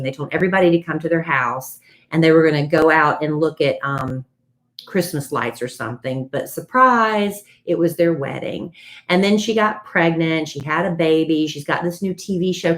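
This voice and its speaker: A woman co-hosting a podcast, chatting casually and telling celebrity gossip like a story. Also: sits low. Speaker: podcast co-host. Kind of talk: casual chat.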